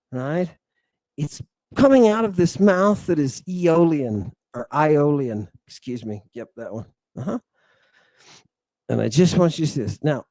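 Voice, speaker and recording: A man lectures on ancient Greek vocabulary in a slow, deliberate way, and his voice sits a little high. He is excited and wanders off topic, stumbling over words and fixing them as he goes. The sound is dry and close to the mic. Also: dry recording. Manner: enthusiastic, digressive, addresses listeners as "people"; spells out Greek words slowly, stumbling and self-correcting. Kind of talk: livestream lecture, talking to viewers.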